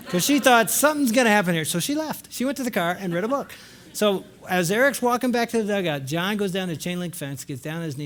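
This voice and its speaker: A middle-aged man telling a story to a live audience at a marriage conference, acting out voices and shouting lines. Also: high voice, lively intonation, quick pace.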